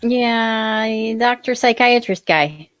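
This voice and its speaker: A woman's voice: a little high, takes it slowly, dry recording. A woman co-hosting a live-stream chat, mostly chiming in with short, dry remarks.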